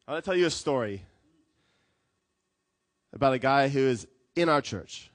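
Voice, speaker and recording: A man preaching a sermon as a pastor, telling stories with lively acted quotes. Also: medium pitch, unhurried, no room sound. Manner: animated storytelling with acted quotes.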